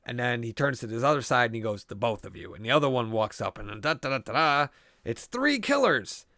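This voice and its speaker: A man's voice: medium pitch, sing-song, a little fast, bright, forceful tone, no room sound, clean studio sound. A man co-hosting a podcast, casually recapping a movie scene by scene with a lot of swearing and rambling. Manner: profane, rambling storyteller. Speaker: podcast co-host.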